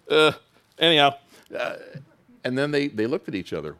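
Man, pastor, sermon, conversational asides, pitch climbing and falling. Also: moderate pace, long pauses. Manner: expressive preaching, voice rising high for quoted lines and dropping low for emphasis.

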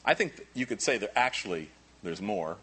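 A man preaching a sermon as pastor, animated and repeating key phrases for emphasis. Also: on the low side, fairly quick, slightly rough.

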